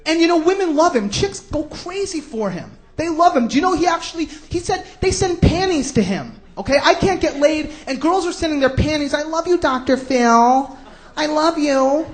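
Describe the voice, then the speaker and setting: Brash stand-up comic with a New York accent. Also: male voice, very high-pitched, big pitch swings, fairly quick, few pauses. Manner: brash, sarcastic ranting with sudden shouts. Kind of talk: stand-up comedy routine.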